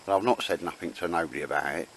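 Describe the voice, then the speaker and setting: Brief: outdoors vlogger, low-voiced man, joking banter, casual chat. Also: racing, a bit bright, slight background noise, low-quality recording. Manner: jokey, teasing banter. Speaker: bushcraft vlogger. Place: woods outdoors.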